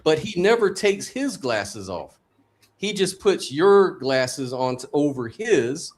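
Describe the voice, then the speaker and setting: A man's voice: on the high side, sing-song, takes it slowly. A man in a live debate explaining his point through an imagined scenario. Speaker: debate panelist.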